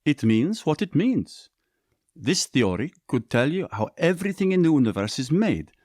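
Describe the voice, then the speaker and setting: An eager young inventor who talks up his ideas with lively, slightly defensive energy, voiced by a male reader. His lines come dry and close in a storybook reading. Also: on the high side, moderate pace, no room sound, voice pushed up. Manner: excited, a bit defensive. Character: bookish young inventor, eager and mildly testy.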